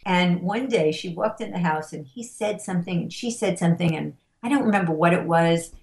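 A middle-aged woman who coaches on parenting and stress, telling stories slowly and emphatically and acting out the voices of the people in them. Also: lowish voice, creaky, darkish tone, roomy sound. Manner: slow, emphatic, acts out the voices in her stories. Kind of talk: interview storytelling.

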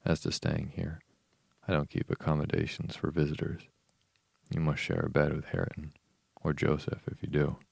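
A man's voice: a bass voice, flat delivery, normal speed, vocal fry, a little mellow, breathy edge, no echo, exaggerated voice. A man reading a stern, surly farm master. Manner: curt, unmannerly.

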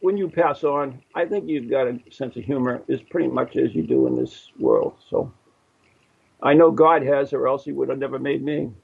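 A man's voice: mid-range voice, big pitch swings, moderate pace, vocal fry, slightly rough, narrow, tinny audio. An American man hosting a radio show, joking and rambling with plenty of fillers and restarts. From United States. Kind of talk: casual radio show chat.

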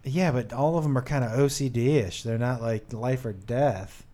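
A man's voice: mid-range voice, normal speed, warm tone. Man, podcast co-host, casual, joking, profane. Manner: joking storyteller, swears freely.

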